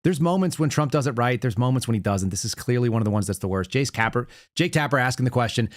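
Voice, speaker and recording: A man in his thirties hosting a political commentary show, sarcastic and animated as he tells stories and reacts to news clips. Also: medium pitch, fast, few pauses. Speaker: podcast host.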